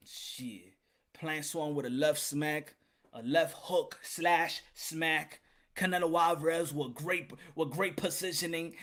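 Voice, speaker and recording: A man hosting a boxing show in casual livestream commentary, animated and profane, often breaking into laughter and greeting viewers. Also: on the high side.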